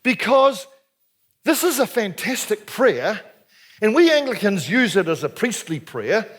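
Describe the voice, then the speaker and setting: A man's voice: high voice, measured pace. An older man with a New Zealand accent gives a chatty, jokey storytelling sermon to a men's gathering as an Anglican minister. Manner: lively, jokey, chatty, asks the crowd questions.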